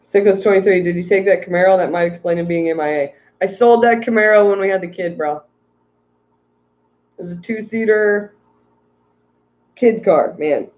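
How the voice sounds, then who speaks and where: A man's voice: high voice, moderate pace, pauses often, dull audio. A tired man hosting a casual livestream about aquarium fish, rambling and ranting while reading out chat messages. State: tired from little sleep.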